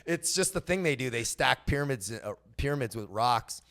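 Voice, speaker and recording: Speaking at a moderate pace in an expressive, medium-pitched, fairly bright voice, this young Californian-accented guest tells stories in a laid-back podcast interview. His talk is slangy, heavy on "bro" and "dude," and punctuated by frequent laughter.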